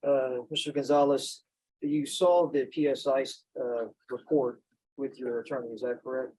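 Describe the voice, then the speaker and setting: A man's voice: medium pitch, fairly even intonation, moderate pace, dark tone, poor audio. A man acting as prosecutor, cross-examining a defendant in a courtroom with methodical questions.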